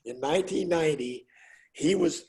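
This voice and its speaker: An older man with a fairly high voice tells his fight stories in a relaxed, chatty way. He acts out the voices of the people in them with plenty of energy. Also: normal speed, creaky, rough recording. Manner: animated storyteller, acts out quotes loudly. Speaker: guest, former fighter. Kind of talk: casual storytelling interview.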